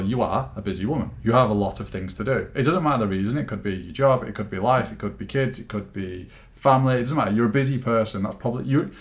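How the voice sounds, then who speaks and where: Male co-host, teasing and jokey, rambling chat delivery. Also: mid-range voice. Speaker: podcast co-host, weight-loss coach. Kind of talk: casual podcast chat.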